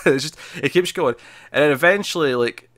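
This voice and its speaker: Bright-voiced man recapping animatedly. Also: fairly high pitch, moderate pace, no room sound. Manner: animated, laughing recapper with many restarts. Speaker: podcast co-host reviewing a TV episode. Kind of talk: casual review chat.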